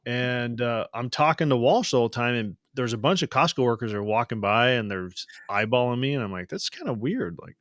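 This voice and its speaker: A man's voice: mid-range voice, brisk, hardly any pauses, a bit bright, dry recording. A man hosting a casual live-stream hangout, chatty and laughing as he tells stories. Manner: chatty storyteller, laughs often, restarts mid-sentence. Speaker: host.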